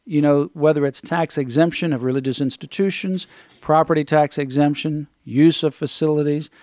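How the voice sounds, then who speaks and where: A man hosts a talk radio show, earnestly reading quotes aloud and commenting on them. His voice is fairly high and a little mellow, with fairly even intonation at a moderate pace, and there's no room sound.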